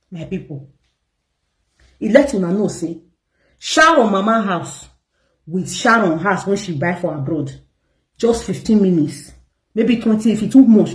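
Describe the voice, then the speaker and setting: A woman's voice: medium pitch, expressive, a little slow, long pauses. A Nigerian woman vlogging to her viewers, telling a story in an emphatic, indignant way. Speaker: gossip vlogger. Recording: echoey room.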